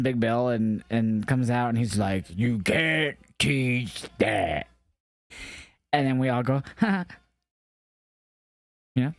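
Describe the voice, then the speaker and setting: A man's voice: mid-range voice, no echo. A man hosting a live reaction stream from home, joking with his chat and talking to his dog. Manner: chatty, jokey, talks to chat and his dog. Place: home room with carpet. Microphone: mic on a stand.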